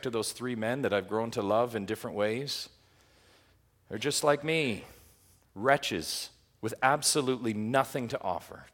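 A male pastor preaching a sermon in a church, impassioned, dropping to hushed lines and rising to loud emphatic cries. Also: mid-range voice, a little slow.

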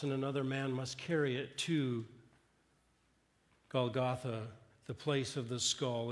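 A man preaching a sermon with a fairly high voice. He builds earnest emphasis through his phrases, then drops to a hushed, quiet tone when he quotes words spoken in the story. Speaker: pastor.

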